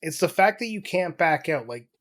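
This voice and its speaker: A man's voice: fairly high pitch, lively intonation, moderate pace, a bit bright. A man co-hosting a podcast, talking casually in a blunt, swearing manner. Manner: blunt, profane, exasperated rants. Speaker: podcast co-host. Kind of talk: casual chat.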